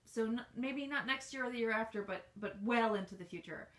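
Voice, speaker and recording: A woman's voice: on the high side, a little fast, a bit bright, reverberant. An American woman, an author, chatting casually and rambling through a live Q&A with her readers, full of ums and restarts. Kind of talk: casual livestream Q&A. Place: home office.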